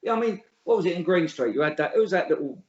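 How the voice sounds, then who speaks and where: A middle-aged man talks bluntly and scornfully in a slightly high voice, swearing freely as he laughs things off. The room echoes, and the recording sounds dull and lo-fi. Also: animated, quick pace, a little mellow. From England. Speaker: interview guest, author. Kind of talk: casual interview chat.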